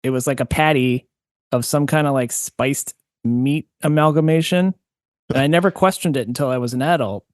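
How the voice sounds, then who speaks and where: A man's voice: medium pitch, moderate pace, dry recording, studio quality. A man from Massachusetts co-hosting a podcast, chatting casually with wry, amused, rambling asides. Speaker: podcast co-host. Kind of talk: casual chat.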